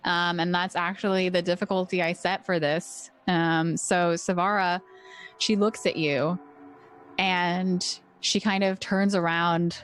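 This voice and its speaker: A woman running a tabletop game as game master, explaining rules in a relaxed, chatty way. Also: fairly low pitch, a little slow, clean tone, faint music behind.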